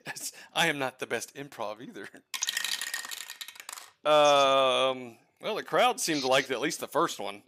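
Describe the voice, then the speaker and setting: Tired, halting man running a tabletop game. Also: medium pitch, animated, pushed and bright. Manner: hesitant, many fillers, self-deprecating. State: tired late at night. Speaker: game master. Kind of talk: narrating a tabletop game livestream.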